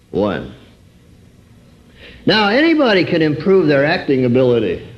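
A man giving an earnest personal testimony sermon, swinging between high emphatic phrases and low drawn-out words. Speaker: preacher. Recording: dull lo-fi recording.

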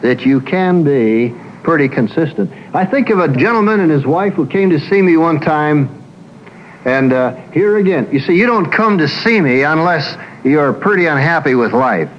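A male psychologist lecturing in a folksy, anecdotal way, slipping into the voices of the people in his stories. His voice sits a little higher than most men's. It comes through a dull, lo-fi old radio broadcast with a faint hiss behind it. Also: animated, moderate pace.

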